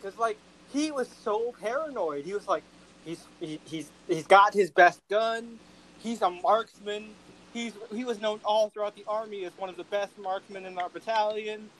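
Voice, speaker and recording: A male podcast co-host with a high-pitched voice chats casually and with feeling at a moderate pace, gushing, acting out quotes and even singing them. The audio is poor, with a little hiss or hum.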